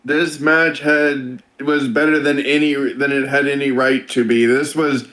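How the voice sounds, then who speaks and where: A man's voice: mid-range voice, fairly even intonation, unhurried, fairly bright tone, low-quality recording. A man co-hosting a casual wrestling review, chiming in with corrections and extra details. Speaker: podcast co-host.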